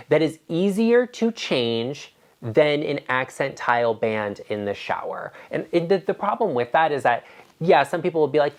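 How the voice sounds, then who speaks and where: A man who works as an interior designer, giving emphatic, opinionated advice straight to the camera in a casual way, with animated asides. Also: fairly high pitch.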